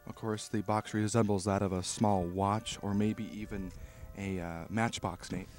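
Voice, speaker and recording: A man doing mock broadcast commentary as a co-commentator, deadpan and full of grandly exaggerated claims. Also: on the low side, unhurried, soft background music.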